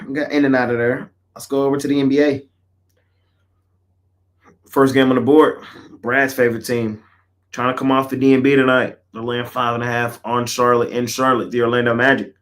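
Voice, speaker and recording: A man hosting a sports betting picks show, talking in a casual, slangy way that often trails off quietly. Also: medium pitch.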